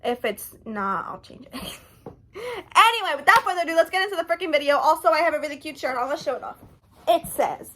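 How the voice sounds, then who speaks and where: A young woman vlogging about books, chatting casually to the camera in an animated way with quick asides. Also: sits high. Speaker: book vlogger.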